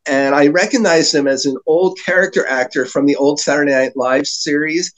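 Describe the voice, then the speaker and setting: Rambling storytelling man, slightly high. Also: normal speed, low-quality recording. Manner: rambling anecdotes with frequent fillers and laughs. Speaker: podcast guest. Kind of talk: storytelling in casual chat.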